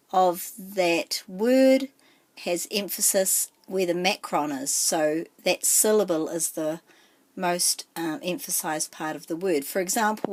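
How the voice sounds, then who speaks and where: A woman, teaching a pronunciation lesson with slow, careful enunciation. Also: on the low side. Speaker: te reo teacher and author.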